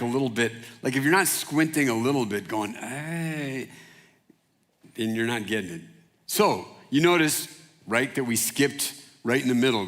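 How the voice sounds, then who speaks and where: Male pastor, mid-pitched, casual animated preaching, long hall reverb. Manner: casual and animated, acts out quotes in voices. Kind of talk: sermon. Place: church hall.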